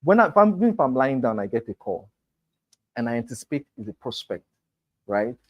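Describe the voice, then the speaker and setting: A man's voice: mid-range voice, very animated, normal speed, highs cut off. A man teaching a sales class, emphatic and talking straight to his students. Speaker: real estate sales trainer. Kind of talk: motivational class lecture.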